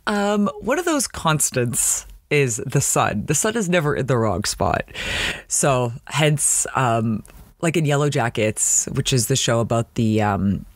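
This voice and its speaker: A woman's voice: very deep voice, very animated, unhurried. A young woman co-hosting a podcast, giving a chatty, rambling recap with self-mocking asides. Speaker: podcast co-host. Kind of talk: casual episode recap.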